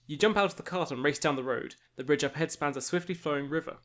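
In a relaxed gamebook session, a man runs things as game master, narrating a choose-your-own-adventure story for friends. His voice sits on the high side, fast and fairly bright, and he reads evenly, breaking off for laughing remarks.

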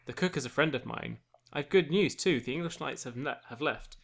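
A man's voice: medium pitch, brisk, creaky, fairly bright tone. A man voicing a kind young orphan girl in a plain, unaccented reading. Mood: earnest. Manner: reads the lines plainly, no accent.

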